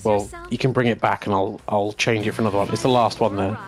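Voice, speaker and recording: Low-voiced man telling a halting story. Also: steady tone, faint music behind. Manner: halting storyteller, full of restarts and swearing. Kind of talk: casual anecdote.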